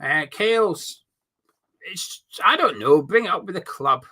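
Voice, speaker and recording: A man's voice: high voice, expressive, a little slow, sharp tone. A man hosting a live fan watch-along stream, chatting casually and reading out viewer comments. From not from England. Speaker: host of a fan channel.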